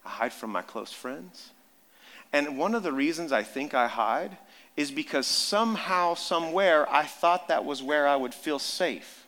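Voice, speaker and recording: A pastor in his thirties preaching in a big church hall with a long echo. His voice sits a little high for a man, and he tells stories with animated, building emphasis. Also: a little slow. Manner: storytelling, animated, rising to loud emphasis. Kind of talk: sermon. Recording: long reverb of a large hall.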